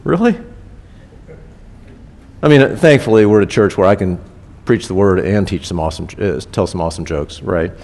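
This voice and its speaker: A man's voice: low voice, fast talker, darkish tone. A man preaching a sermon in a casual, conversational way, repeating key phrases for emphasis. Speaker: pastor. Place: church.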